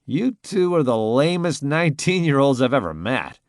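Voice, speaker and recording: A man's voice: medium pitch, big pitch swings, moderate pace, no room sound, clean studio sound, voice pushed up. A man voicing a cocky, joking young man in an audiobook, full of mocking banter.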